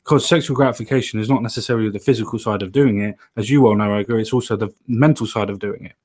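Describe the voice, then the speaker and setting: A man's voice: lowish voice, steady tone, fast talker, darkish tone. Earnest man explaining at length. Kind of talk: casual chat.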